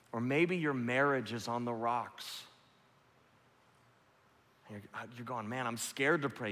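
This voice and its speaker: A man preaching a sermon, moving between loud, impassioned peaks and quiet, hushed passages. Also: medium pitch, a little slow, pauses often. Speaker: pastor. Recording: long reverb of a large hall.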